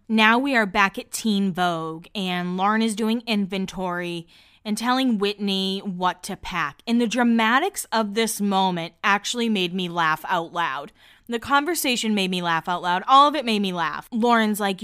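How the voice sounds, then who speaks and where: A woman's voice: medium pitch, a little fast, fairly bright tone, clean tone. A young woman from Boston hosting a podcast, recapping an episode in a chatty way and acting out the lines of the people in it. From Boston area, United States. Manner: chatty, quotes others in little voices, laughs often. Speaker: podcast host. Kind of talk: casual recap chat.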